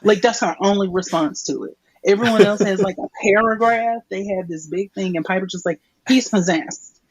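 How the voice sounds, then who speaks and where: A podcast co-host chatting casually about a comic, animated and quick to joke. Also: mid-range voice, slightly rough, no echo. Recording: dull, slightly muffled recording.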